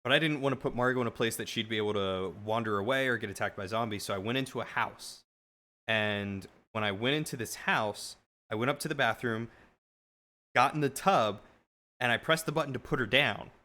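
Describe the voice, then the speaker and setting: A male streamer rambles through a long story to his live chat, casual and animated, often restarting his sentences. His pitch is medium and he talks fairly quickly.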